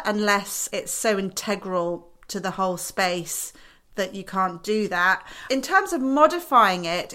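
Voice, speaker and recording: Bright-voiced woman giving practical advice. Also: mid-range voice. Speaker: co-host of interior design podcast. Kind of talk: casual advice chat.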